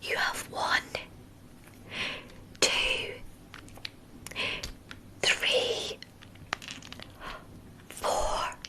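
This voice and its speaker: A woman voicing an excitable young female friend in a whispered role-play, gasping and breathless as she talks. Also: full character voice.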